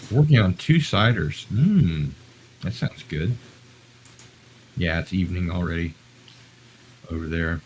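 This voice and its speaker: A man's voice: low-pitched, measured pace, long pauses, a little hiss or hum, low-quality recording. An American man live-streaming, talking in a chatty, rambling, self-deprecating way. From United States. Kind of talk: casual live-stream chat.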